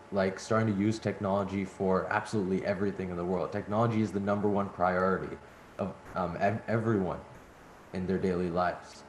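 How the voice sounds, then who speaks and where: A man moderating an online event, responding to a speaker in a rambling way with restarts and fillers. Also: on the low side. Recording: echoey room with faint hum.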